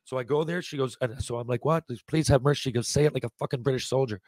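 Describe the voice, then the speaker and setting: A man in his forties, a podcast guest, telling lively anecdotes in casual talk, acting out what people said and often restarting his sentences. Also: mid-range voice, fast, no echo. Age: 40s. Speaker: podcast guest, former hockey player. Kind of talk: casual storytelling.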